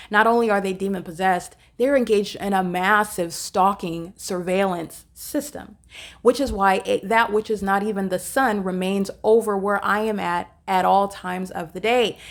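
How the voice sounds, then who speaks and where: A woman speaks unscripted into her phone camera from inside a hotel room. Her voice sits in an ordinary middle pitch, and her delivery is earnest and insistent. She halts often with fillers and restarts her phrases as she explains. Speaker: vlogger filming and commenting.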